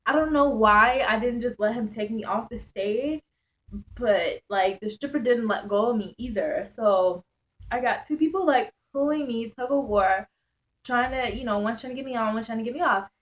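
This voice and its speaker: A young woman vlogger telling a wild night-out story in casual slang, animated and laughing often. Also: fairly high pitch, moderate pace, low-quality recording.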